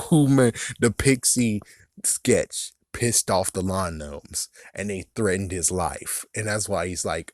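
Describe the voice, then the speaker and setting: A man's voice: lowish voice, lively intonation, measured pace, dry recording, studio quality. A young man casually rambling through a review, cursing often and laughing at his own jokes. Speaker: YouTube reviewer.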